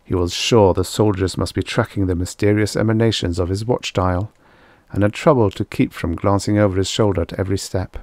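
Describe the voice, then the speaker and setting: A man narrating a vintage science fiction short story at a measured pace. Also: low voice, fairly even intonation, a little mellow, dry recording. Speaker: audiobook narrator.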